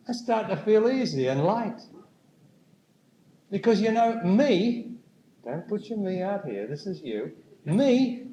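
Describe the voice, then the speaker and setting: A man speaking as a spiritual teacher before a live audience, his voice climbing and falling widely as he talks. He takes his time, pausing and asking the room questions. The sound is roomy, with a faint hum behind him. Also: sits high, darkish tone. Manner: slow, deliberate, questioning the audience. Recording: echoey room with faint noise.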